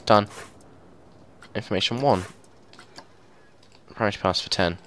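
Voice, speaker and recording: Excitable man, close-miked. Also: fairly low pitch, moderate pace, long pauses, a little hiss or hum. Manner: chatty, excitable, thinking aloud. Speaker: gameplay video host. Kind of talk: casual gameplay commentary. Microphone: mic very close to the mouth.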